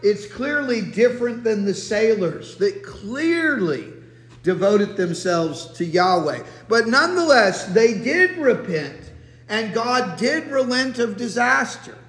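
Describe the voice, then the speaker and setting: A man giving a Bible teaching sermon in a relaxed, conversational way, full of restarts and asides. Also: high-pitched, slow. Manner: conversational, many restarts and fillers. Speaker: preacher. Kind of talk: expository sermon. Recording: echoey hall.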